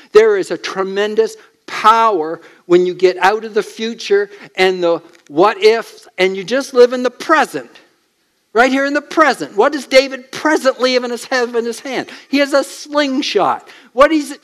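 A man preaching a sermon in an emphatic way, asking the listeners questions as he goes. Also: high voice.

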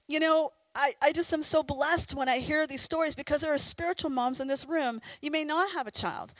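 A woman's voice: high voice, no room sound, low-quality recording. Earnest, fervent woman preacher. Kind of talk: sermon.

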